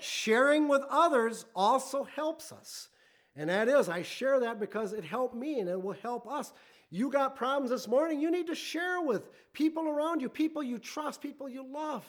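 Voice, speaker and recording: A middle-aged male pastor preaching a sermon in an earnest way, rising to emotional near-shouting at times. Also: high-pitched. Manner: earnest, rises to emotional near-shouting when quoting scripture.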